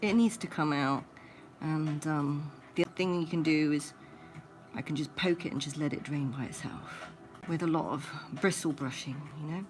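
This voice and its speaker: A woman livestreaming as she grooms her pet rabbit at home, talking in soft cooing baby talk and sometimes dropping to a whisper. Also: low voice, normal speed.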